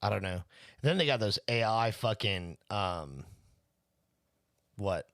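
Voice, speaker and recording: A man's voice: fairly low pitch, lively intonation, takes it slowly, gravelly, a bit bright, no room sound, studio quality. A man co-hosting a podcast in casual banter, laid-back and rambling, swearing constantly. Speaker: podcast co-host.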